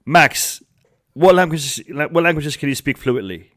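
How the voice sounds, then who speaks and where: A man's voice: fairly high pitch, a little slow, a bit bright. A man hosting a casual group chat on a live stream, chatty and laughing, often repeating himself. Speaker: stream host.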